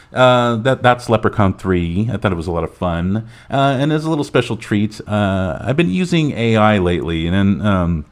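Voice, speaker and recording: A man hosting a casual movie podcast. His voice sits a little low and he talks in a relaxed, meandering way. Fillers pepper his sentences as he narrates and chats. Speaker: podcast host.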